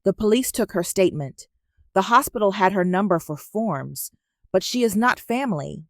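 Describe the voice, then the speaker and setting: A woman voicing a poised, wealthy older mother who speaks softly and quietly condescends. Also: medium pitch, lively intonation, moderate pace, dry recording, studio quality, natural voice. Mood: soft concern. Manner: soft, honeyed and quietly condescending.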